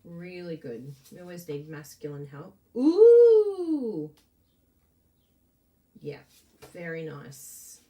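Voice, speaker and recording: A woman's voice: sits low, fairly even intonation, a little slow, darkish tone, distant mic, low-quality recording. A woman giving a live card-making demo, bubbly and gushing, chatting to viewers between steps.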